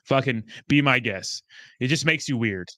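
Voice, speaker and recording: A man hosting a crypto livestream, answering his chat in a profane and excitable way. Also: medium pitch, normal speed, no echo, studio quality. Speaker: crypto YouTuber host.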